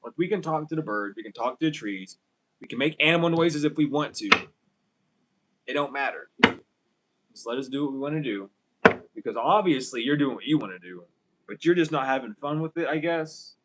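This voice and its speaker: A man's voice: mid-range voice, animated, fairly quick, long pauses, poor audio. A man doing a casual tarot reading for viewers, ranting and swearing as he talks straight to them. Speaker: tarot reader.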